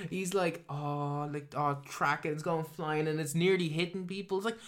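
A man's voice: on the high side, fairly even intonation, normal speed. A man co-hosting a podcast, reviewing a film in casual chat, swearing freely as he rants. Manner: swears a lot, ranting and exasperated. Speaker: podcast co-host.

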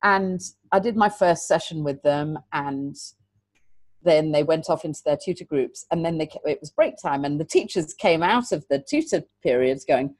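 A middle-aged woman, a teacher, talking earnestly in an interview and telling stories with lively, repeated emphasis. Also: deep voice, moderate pace, no room sound. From England. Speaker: teacher and guest. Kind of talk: conversational interview.

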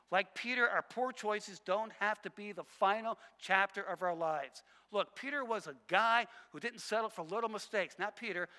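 A male pastor delivers a sermon in a high, bright, forceful voice. He repeats phrases for weight and drops from loud emphasis to near hush. His voice rings with the long reverb of a large church hall.

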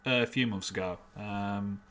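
A man co-hosting a casual football podcast, often halting and restarting as he thinks aloud. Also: fairly low pitch, fairly even intonation, a crowd in the background. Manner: halting, many restarts and fillers, earnest. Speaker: podcast co-host.

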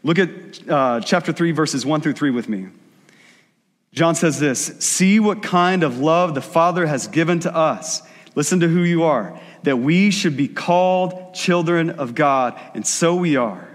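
A male pastor preaching a sermon in a conversational style, acting out quick asides in the voices of the people he describes. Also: a little high, animated, long reverb tail.

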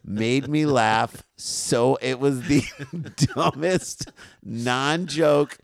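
A middle-aged man co-hosting a comedy podcast, telling stories in a slow, halting way. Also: medium pitch, gravelly. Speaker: podcast co-host. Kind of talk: comedic banter.

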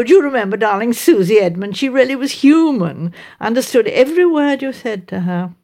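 A woman's voice: on the high side, a little mellow. A woman voicing a chatty, sniffy middle-aged village mother reading aloud from the paper.

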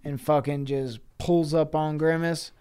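A man's voice: a little high, fairly even intonation, measured pace, dark tone, clean tone. Profane rambling male podcast storyteller. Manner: rambling, profane, laughing between phrases. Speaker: podcast co-host. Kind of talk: improvised comic storytelling.

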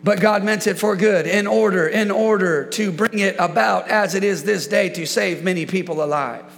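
A man's voice: high voice, moderate pace, gravelly, a bit bright, in a large hall, a little hiss or hum. A man preaching a sermon as a pastor in a church, emphatic and repetitive, leading the congregation in call-and-response. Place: church sanctuary.

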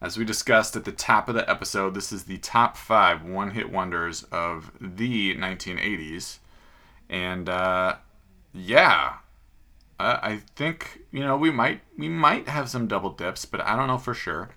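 A man's voice: sits low, a little slow, pushed and bright. A man co-hosting a casual podcast, upbeat and jokey, asking his partner questions. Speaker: podcast co-host. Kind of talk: casual chat.

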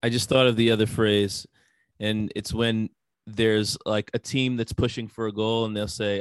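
Swobodny mężczyzna, suchy dźwięk studia. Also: male voice, fairly low pitch, little pitch movement, moderate pace, smooth, dry recording. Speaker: podcast co-host. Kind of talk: casual chat.

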